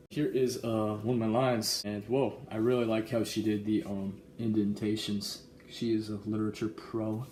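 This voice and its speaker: Young male vlogger, earnest and excitable, lowish voice, echoey room with faint ambience. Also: normal speed, few pauses, slight background noise. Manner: earnest and excitable, reads verses aloud. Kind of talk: casual vlog, reading a gift card aloud. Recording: roomy echo with faint ambience.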